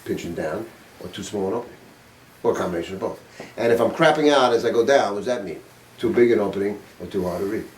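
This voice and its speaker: A man's voice: fairly low pitch, fast talker, a little mellow, a little hiss or hum. An older man teaching a saxophone master class in a studio, talking bluntly and informally, quizzing his students and swearing casually. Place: music studio. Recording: roomy sound from a distant mic.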